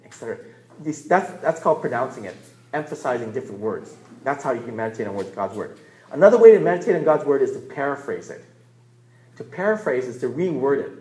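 Male pastor, mid-pitched, emphatic church teacher, recorded in an echoey room. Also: darkish tone. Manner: earnest, emphatic, repeats key words with rising stress.

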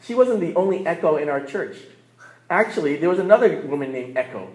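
A man's voice: on the high side, animated, brisk, a little mellow. A man in his thirties preaching a sermon in a conversational way, often checking in with "right?" and laughing between points. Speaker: pastor. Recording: roomy echo.

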